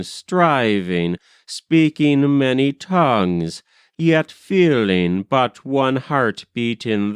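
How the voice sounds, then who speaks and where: A man voicing a grave, wise male chief describing a vision, solemn and measured. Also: mid-range voice, clean tone, dry recording, studio quality.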